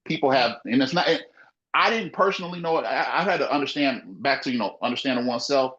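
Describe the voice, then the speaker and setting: A man's voice: mid-range voice, animated, fast, fairly bright tone. A man who owns a small business talks in a casual podcast conversation, emphatic and repetitive, leaning on "you know,". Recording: muffled lo-fi audio.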